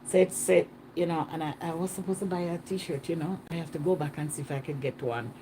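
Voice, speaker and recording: A woman chatting casually in a travel vlog, animated and repeating herself for emphasis, recorded on a phone outdoors. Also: low-pitched, fairly quick, a little hiss or hum. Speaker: travel vlogger. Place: outdoors on a Caribbean island.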